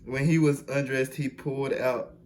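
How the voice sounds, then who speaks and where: A young man hosting a video, reading fan fiction aloud with slangy, animated, mock-outraged commentary and bursts of sing-song. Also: medium pitch, moderate pace. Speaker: video host.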